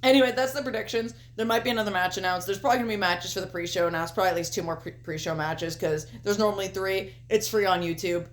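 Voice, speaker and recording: A woman's voice: mid-range voice, quick pace, few pauses, slight background noise. A young woman co-hosting a podcast in easy, casual chat. She talks at length and lays out her thoughts in a loose, offhand way. She swears freely. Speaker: podcast co-host.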